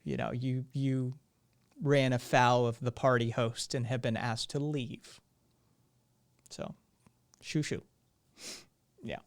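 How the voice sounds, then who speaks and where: A man hosting a live stream, his voice still hoarse, talking in a rambling, sardonic way and swearing freely. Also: medium pitch, little pitch movement, takes it slowly, long pauses. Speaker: live-stream show host. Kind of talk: casual live-stream commentary.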